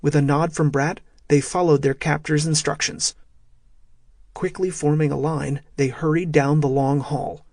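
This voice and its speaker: A man narrating a thriller audiobook in a steady, measured way. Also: a little high, gravelly, no echo, clean studio sound.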